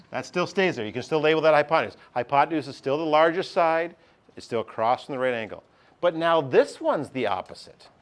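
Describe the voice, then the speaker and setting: A male teacher, giving a chatty classroom lesson and often checking in with his class. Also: a little high.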